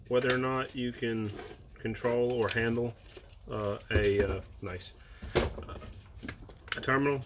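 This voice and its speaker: Southern-accented man talking through a job. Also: medium pitch. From American South. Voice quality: relaxed, rambling with fillers. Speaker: workshop video host. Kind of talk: casual how-to talk. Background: clicks and workshop noise.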